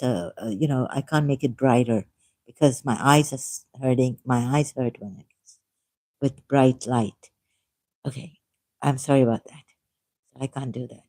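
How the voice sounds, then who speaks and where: A woman hosting her own channel, reading a text aloud slowly and commenting, with apologetic asides. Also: a bass voice, darkish tone, no room sound. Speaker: channel host. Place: dim room.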